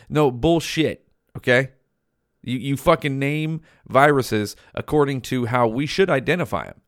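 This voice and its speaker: A man's voice: medium pitch, a little slow, no room sound, clean studio sound. A young man hosting his own podcast, ranting bluntly and swearing constantly in a casual solo monologue. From California. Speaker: podcast host.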